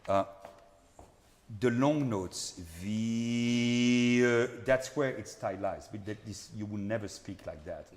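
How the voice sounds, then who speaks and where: Earnest conductor coaching singers in a hall. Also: male voice, fairly low pitch, slow pace. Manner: earnest, repetitive coaching with frequent tag questions. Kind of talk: master class coaching. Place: concert hall. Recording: hall reverb with faint background noise.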